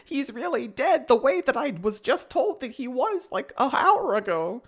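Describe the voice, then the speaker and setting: A man mimicking a whiny, high-pitched young male hero in a mocking, exaggerated parody. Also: very animated, normal speed, exaggerated voice. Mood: mock-shocked.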